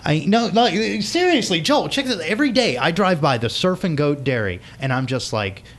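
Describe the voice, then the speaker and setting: A man's voice: fairly high pitch, sing-song, moderate pace, a bit bright. A man hosting a casual talk show, enthusiastic and playful as he chats with his guest. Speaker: host. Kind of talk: casual chat.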